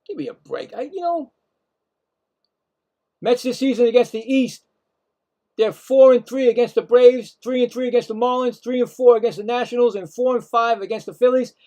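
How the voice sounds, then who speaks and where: A man calling live play-by-play as a stream host, excitable, ranting at calls and talking straight to his viewers. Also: extremely high pitch, fairly quick.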